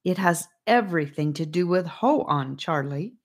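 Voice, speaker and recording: A woman's voice: lowish voice, lively intonation, a little slow. A woman voicing a cheerful, wise male guide who speaks with a grand, theatrical flair.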